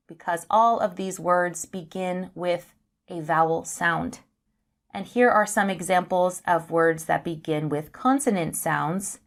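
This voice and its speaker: Slow, carefully enunciating woman teacher. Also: on the low side, reverberant. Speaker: English teacher. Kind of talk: scripted pronunciation lesson.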